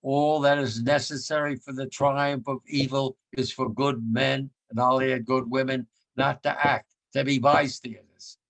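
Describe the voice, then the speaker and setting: A man's voice: mid-range voice, flat delivery, unhurried, creaky, few pauses, a bit bright. A man in his nineties giving a blunt remembrance talk as a war veteran, repeating his points with rising force. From United States. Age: 90s.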